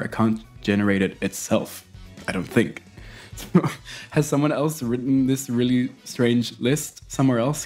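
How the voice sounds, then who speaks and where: A man hosting a YouTube video in casual commentary, rambling and animated, with restarts and chuckles. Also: mid-range voice. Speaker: YouTube host.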